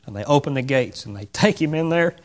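A man's voice: medium pitch, expressive, fairly quick. A man preaching a sermon, telling a story and acting out the characters' voices.

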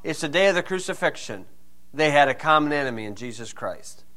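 A man's voice: a little high, animated, fairly quick, pushed and bright. A man teaching through Bible verses in a conversational way, asking rhetorical questions and telling personal stories.

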